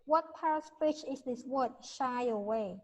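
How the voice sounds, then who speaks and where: A woman's voice: high voice, a little slow, big-room sound, dull audio, a little hiss or hum. A woman teaching an English class over a video call, correcting pronunciation and asking students questions.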